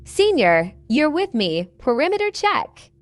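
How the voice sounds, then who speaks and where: A woman's voice: high-pitched, sing-song, measured pace, no room sound. A woman reading the lines of a tough male squad leader who gives curt, blunt orders. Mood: commanding.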